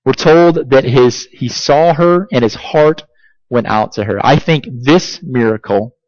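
A man preaching a sermon as pastor, emphatic and deliberate, asking his congregation repeated rhetorical questions. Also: medium pitch, a little mellow, dull audio.

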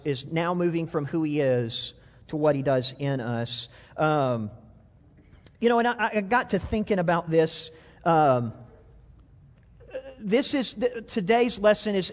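A man preaching a conversational sermon, self-deprecating and full of restarts, to a congregation. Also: sits high. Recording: long reverb of a hall.

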